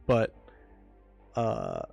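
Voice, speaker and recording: A man's voice: lowish voice, wildly swooping pitch, extremely slow, creaky, a little mellow, faint music behind. A man chatting casually on a livestream about building his game, rambling with lots of ums and restarts while eating. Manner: rambling, many fillers and restarts. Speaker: game developer streamer.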